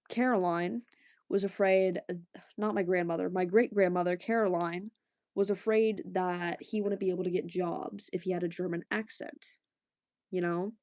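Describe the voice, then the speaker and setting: Woman streamer, unhurried rambling chat with her viewers, dry close sound. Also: lowish voice, darkish tone, dry recording. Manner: rambling, laughing, answering chat. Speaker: livestreamer. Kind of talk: casual livestream chat.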